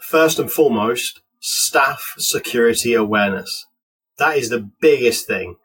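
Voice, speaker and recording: A man, a penetration tester telling work stories in a casual interview, animated and acting out the dialogue. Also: mid-range voice, unhurried, husky, poor audio. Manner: animated, acts out dialogue in quotes, laughs.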